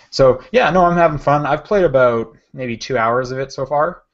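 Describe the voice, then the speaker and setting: A man co-hosts a podcast in casual conversation, his mid-range voice creaky and his pace moderate. He rambles, filling the gaps with fillers and correcting himself as he goes. The audio is dull, lo-fi podcast sound.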